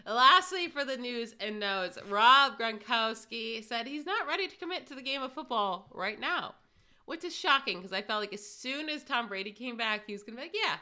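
Bright-voiced woman podcast co-host. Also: a little high, expressive, moderate pace. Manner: chatty, reads out news items with asides. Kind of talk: casual sports chat.

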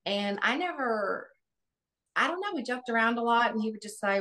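A woman's voice: on the high side, fast talker, fairly bright tone. A middle-aged woman, a guest on an interview, recalling family memories in an earnest, reflective way with many restarts. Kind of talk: interview, personal recollection.

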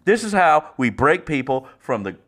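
A man's voice: fairly high pitch, sing-song, moderate pace, a bit bright. A man on a comedy podcast imitating a smug, self-important young male pundit who lectures the host.

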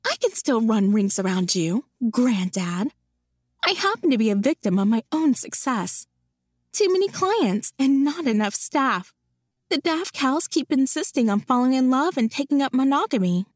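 A woman voicing a sharp-tongued woman in her late twenties in an audiobook, full of sarcastic, cheeky banter. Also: high voice, very animated, moderate pace, no echo, studio quality, voice pushed up. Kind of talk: audiobook character voice.

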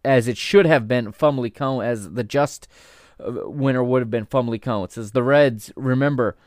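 A man hosts his own podcast in a dry, close sound with no room around his voice. His pitch sits in the middle for a man. He talks with indignant heat and swears freely when he gets worked up. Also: a little fast, no echo. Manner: heated, indignant ranting with outbursts of swearing; rises from calm explanation into loud, stressed outrage. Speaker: podcast host. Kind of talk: solo podcast commentary.

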